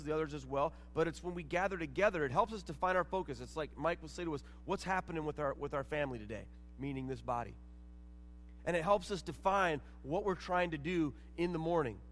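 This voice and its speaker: A man's voice: on the high side, fairly bright tone, big-room sound, slight background noise. A man preaching a sermon in a church as a church leader, talking earnestly and often repeating words as he restarts his sentences. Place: church sanctuary.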